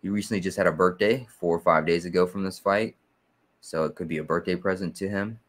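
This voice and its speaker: A man hosting his own sports picks channel, explaining his figures step by step in a steady, methodical way with frequent fillers. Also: low-pitched, a little fast. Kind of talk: casual explanatory video walkthrough.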